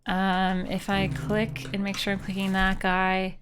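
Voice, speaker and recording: A woman's voice: mid-range voice, takes it slowly, music in the background. A woman from Canada, streaming a game live and chatting playfully with her viewers. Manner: animated and joking, talks to chat. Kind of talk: casual live-stream gameplay commentary.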